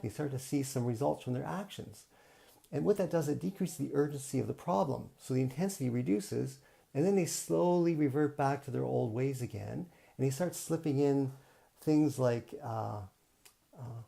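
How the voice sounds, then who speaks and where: A man's voice: medium pitch, moderate pace, gravelly, mellow. A man giving an earnest, teacherly motivational talk on a live stream, often repeating himself to drive his points home. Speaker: self-help coach.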